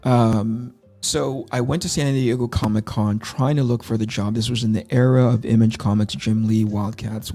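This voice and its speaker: A man's voice: on the low side, mellow. A man in his fifties hosting a launch stream, casually telling candid, self-deprecating stories about his early career. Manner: candid, self-deprecating anecdotes with many restarts. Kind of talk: casual storytelling.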